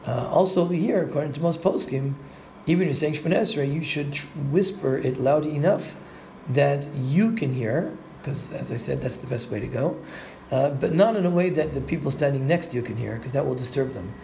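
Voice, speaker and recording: A man's voice: on the high side, brisk, gravelly, darkish tone, slight background noise. A man, a rabbi, giving a spoken lesson on Jewish law, explaining step by step and glossing Hebrew terms in English.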